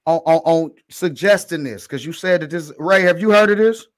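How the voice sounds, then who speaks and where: High-pitched man, loud and incredulous. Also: normal speed. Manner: loud, incredulous, swearing, heavy slang. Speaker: podcast co-host. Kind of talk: casual chat.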